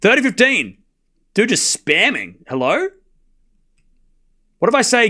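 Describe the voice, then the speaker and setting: Man, high-pitched voice, live tennis stream commentary, casual, chatty with viewers, late night. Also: wildly swooping pitch, sharp tone. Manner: chatty, banters with viewers, quick score calls. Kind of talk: casual play-by-play commentary and chat replies.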